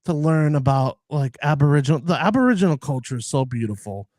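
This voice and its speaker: A man's voice: fairly high pitch, animated, fast talker, darkish tone, no echo. An American man in casual chat, talking earnestly and rambling with many fillers. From United States. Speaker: podcast guest.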